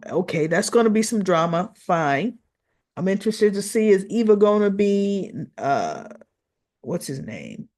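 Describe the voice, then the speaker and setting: A woman's voice: mid-range voice, very animated, unhurried, a little mellow. Chatty woman recapping a soap episode. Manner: chatty, adds "right?" tag questions; retells scenes by acting out quoted lines. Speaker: soap opera reviewer.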